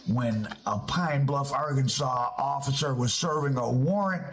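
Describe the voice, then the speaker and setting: A man explaining a case in an expressive commentary style. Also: mid-range voice, a little slow, a little hiss or hum.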